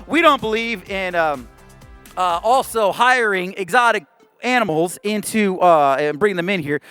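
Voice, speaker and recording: An American man, a children's pastor, telling a Bible story to kids in a playful, animated way, with goofy voices and roars. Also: high-pitched.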